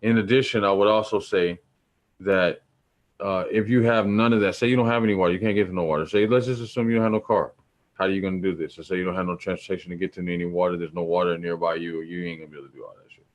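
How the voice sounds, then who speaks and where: A man's voice: deep voice, fairly even intonation, fast talker. A man teaching about spirituality in a loose, slangy, preachy way, repeating points for emphasis. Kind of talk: casual spiritual teaching talk.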